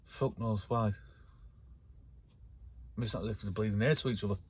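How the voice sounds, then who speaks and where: A man rambles and rants straight to camera from inside his camper van. His voice is husky, and he swears freely as he gets worked up. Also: lowish voice, fairly quick, a little mellow. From North West England. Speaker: vlogger. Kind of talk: casual ranting vlog.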